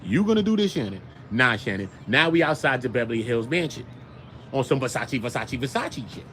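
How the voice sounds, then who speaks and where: A young man from Brooklyn with a New York accent, hosting a casual commentary show in an animated, slangy, riffing way. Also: medium pitch, brisk, slight background noise. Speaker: show host.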